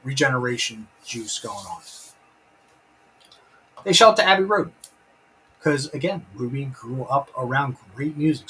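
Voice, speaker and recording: A man's voice: mid-range voice, a bit bright, a little hiss or hum, low-quality recording. A man hosting a casual live stream, enthusiastic and rambling, breaking off to read out chat comments. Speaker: live-stream host reviewing a TV episode.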